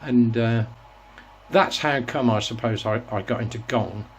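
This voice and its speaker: A man in his sixties sits and reminisces for his own show, his voice mid-pitched and ordinary. He tells his story in a loose, reflective ramble, circling back and restarting his sentences as he goes. A faint hum of background noise sits under his talk. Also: unhurried. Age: 60s. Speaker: host. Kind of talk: casual reminiscing monologue.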